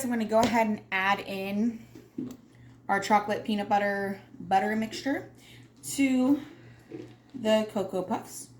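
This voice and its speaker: Chatty woman in an echoey kitchen. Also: medium pitch. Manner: chatty, self-deprecating, addresses viewers as y'all. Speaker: cooking video host. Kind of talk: casual cooking demonstration. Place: home kitchen. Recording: echoey kitchen with loud background noise.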